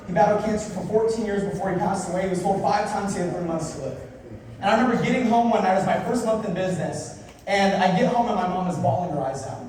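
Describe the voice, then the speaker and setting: A young man giving a motivational speech at a business event, telling a personal story and dropping low and quiet at the emotional parts. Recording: echoey hall, from far off.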